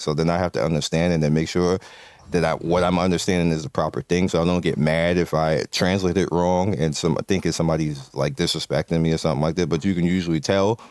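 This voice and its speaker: A man's voice: low-pitched, a little mellow, dry recording. A man from the United States chatting casually as a gaming video creator, rambling with lots of fillers and restarts and laughing often.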